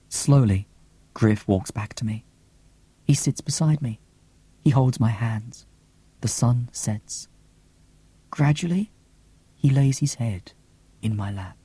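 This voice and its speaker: A man's voice: mid-range voice, takes it slowly, pauses often, mellow, husky, no echo. A man reading an audiobook expressively, with theatrical gasps and whispers. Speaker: audiobook reader.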